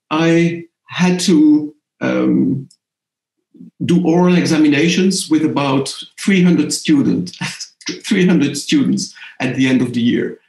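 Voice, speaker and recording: Man, French accent, middle-aged, slightly high voice, hesitant and reflective, roomy echo. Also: a little mellow. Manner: thoughtful, hesitant, frequent restarts. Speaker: interviewee, language professor. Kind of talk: conversational interview.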